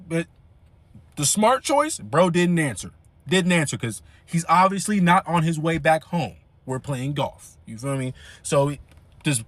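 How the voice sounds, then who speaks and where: Comedic storyteller, a man with a high, lively voice, slangy and animated, dry close sound. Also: dry recording. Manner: animated and slangy, repeating "you feel me".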